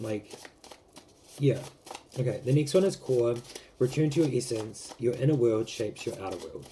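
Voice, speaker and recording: Gravelly dark-voiced man reading tarot. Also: lowish voice, a little hiss or hum. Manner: rambling, filler-heavy, gently emotional. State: teary, close to crying. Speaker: tarot reader. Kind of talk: casual tarot reading to camera.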